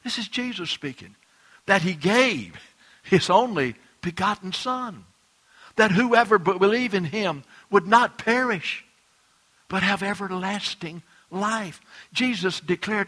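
Pastor guy preaching, brightish higher voice, goes loud then real quiet. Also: expressive, takes it slowly. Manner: emphatic preaching with sudden loud and soft swings. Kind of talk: sermon.

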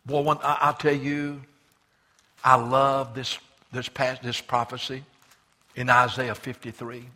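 A man preaching a sermon as pastor, swinging between loud passionate cries and hushed, slow scripture reading. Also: mid-range voice, little pitch movement, in a large hall. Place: church sanctuary.

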